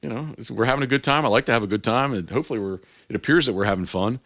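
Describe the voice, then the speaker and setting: A man's voice: very fast, dry recording, clean studio sound. A man in his forties, a hunting guide, telling stories in a casual interview and acting out the quoted dialogue. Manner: animated, acts out quoted dialogue with big pitch jumps. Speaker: waterfowl hunting guide, guest.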